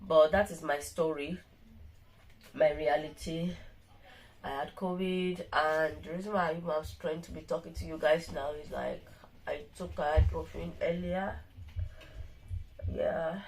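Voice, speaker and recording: A woman's voice: sits low, a little mellow, slight background noise, poor audio. A middle-aged woman talking casually to her viewers while weak and tired from illness, rambling and restarting her sentences often. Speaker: vlogger. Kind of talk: casual vlog monologue.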